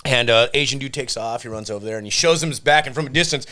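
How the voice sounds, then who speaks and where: A man on a podcast telling a profane, animated story and acting out the people in it. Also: medium pitch, fast. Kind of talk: casual storytelling.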